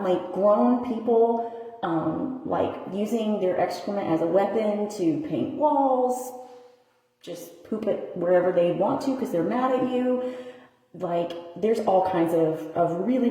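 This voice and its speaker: A woman's voice: mid-range voice, mellow. A woman shelter worker giving an earnest, near-tearful personal testimony that turns into preaching. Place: bathroom of a homeless shelter. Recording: echoey tiled bathroom.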